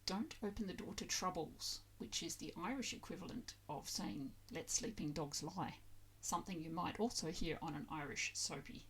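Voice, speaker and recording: A woman's voice: on the low side, normal speed, slightly rough. A woman explaining grammar to learners in a patient, methodical way, spelling words out letter by letter. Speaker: language-learning video creator.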